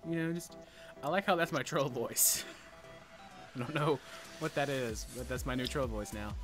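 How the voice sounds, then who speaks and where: A man's voice: medium pitch, moderate pace, music in the background. A man in a casual chat about gaming who rambles, restarts often, and speaks bluntly with some profanity.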